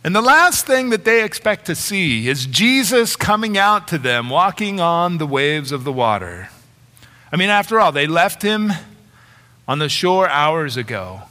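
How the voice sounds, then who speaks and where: A middle-aged male pastor preaching a sermon, retelling a story and growing animated in the dramatic parts. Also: on the high side, measured pace. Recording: long hall reverb.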